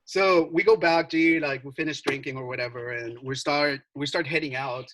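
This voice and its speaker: A young man telling a story in casual chat, animated, swearing and full of filler words. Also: a little high, normal speed, low-quality recording. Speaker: podcast co-host.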